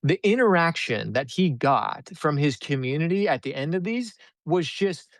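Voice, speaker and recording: A man telling a story as a podcast guest, animated and acting out the dialogue he reports. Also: fairly high pitch, moderate pace, dry recording. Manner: animated, acts out quoted dialogue. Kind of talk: conversational storytelling.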